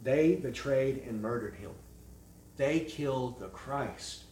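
Forceful preacher, echoey and distant. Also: male voice, medium pitch, lively intonation, slow, slight background noise. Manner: forceful, rising to emphatic rhetorical questions. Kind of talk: expository sermon. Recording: echoey room, mic at a distance.

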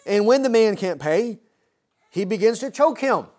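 Man preaching, slightly high voice, earnest, rhetorical questions, keeps asking "right?". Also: animated, unhurried, darkish tone. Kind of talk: expository sermon.

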